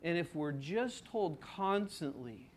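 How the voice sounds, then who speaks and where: A man's voice: on the high side, expressive, takes it slowly, a little hiss or hum. A man preaching an expository sermon in a conversational way, asking his congregation rhetorical questions and stretching out key words for emphasis. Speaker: pastor.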